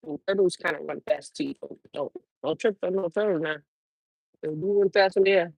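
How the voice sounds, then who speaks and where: A woman's voice: on the low side, normal speed, vocal fry, a little mellow, no room sound, low-quality recording. Profane laid-back woman chatting on stream. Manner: loose, profane, laughing, talks back to chat. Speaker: trucker livestream host. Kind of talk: casual livestream chat.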